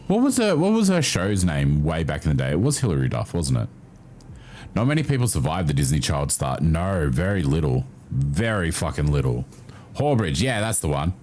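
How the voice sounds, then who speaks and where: A man's voice: a bass voice, sing-song, normal speed, a little mellow, slight background noise. A man livestreaming, chatting casually with his viewers and reacting to their messages with laughs and swearing. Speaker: livestreamer reading chat.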